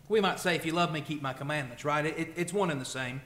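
A man preaching to his congregation with a slightly high voice that rises and falls with feeling, loud on scripture and hushed after. The sound carries in an echoey church room. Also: quick pace. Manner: emotional, swells loud when reading scripture then drops soft. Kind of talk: sermon. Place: church sanctuary.

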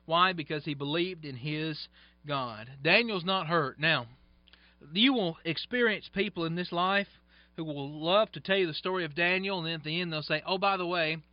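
High-voiced preacher, dull dry sound. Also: male voice, no echo. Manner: reads scripture aloud, then explains it in plain folksy asides. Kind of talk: sermon.

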